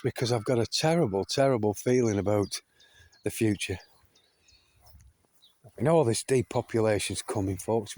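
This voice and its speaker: A man's voice: medium pitch, a little mellow, no echo. An older man delivering an emphatic, profanity-heavy rant to his viewers, repeating himself and calling them folks. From United Kingdom. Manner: heavy swearing, keeps addressing listeners as folks; repetitive, emphatic, restarts. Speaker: video blogger. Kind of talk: ranting monologue to camera.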